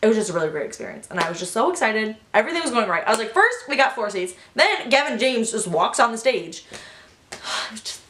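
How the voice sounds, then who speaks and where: A young woman telling a story in a casual vlog, gushing and excitable, full of "like". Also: a little high, fast, hardly any pauses, slight background noise. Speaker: vlogger. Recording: echoey room.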